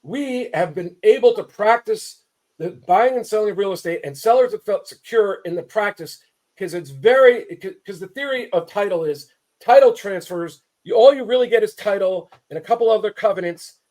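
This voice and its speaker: Animated and speaking at a normal speed, this Southern California man has a high, slightly mellow voice. A real estate attorney, he delivers fired-up, emphatic commentary and keeps interrupting himself to restart his sentences.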